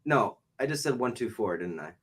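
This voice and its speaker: With an animated, slightly rough mid-range voice that's fairly bright, this young Boston-area podcast host from New England talks a little fast. He's in a casual chat interview with a guest, joking around, rambling and swearing freely.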